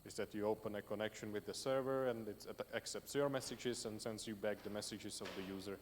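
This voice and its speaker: A man's voice: on the low side, a little fast. A man presenting at a tech meetup and answering audience questions in a loose, conversational way, while losing his voice. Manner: loose and conversational, many fillers, builds lists. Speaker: conference speaker. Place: meetup hall. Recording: hall reverb with faint noise.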